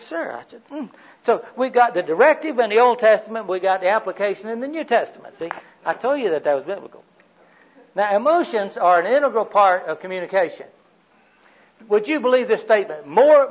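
A man preaching a sermon, telling personal stories and asking the audience questions. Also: sits high. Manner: storytelling, rhetorical questions to the audience. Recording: dull lo-fi recording.

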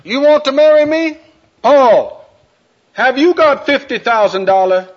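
A man voicing a young woman who insists on a rich husband, speaking high and insistently. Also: lively intonation, unhurried. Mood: demanding. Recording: dull lo-fi recording.

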